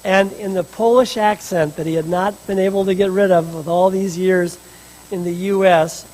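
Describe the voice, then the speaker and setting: A man's voice: sits high, steady tone, moderate pace, a little mellow, rough recording. A male minister delivering a sermon, emphatic with humorous asides, in a church sanctuary.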